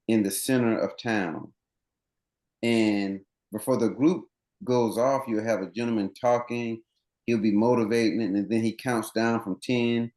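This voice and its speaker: A man's voice: lowish voice, a little mellow. Earnest man coach, roomy sound. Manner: earnest, explains at length with many restarts. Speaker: running coach, guest. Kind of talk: podcast interview.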